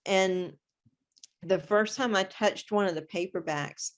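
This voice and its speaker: A woman's voice: medium pitch, a little slow. A woman author being interviewed, chatting casually and acting out her own reactions as she tells a story. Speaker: guest author.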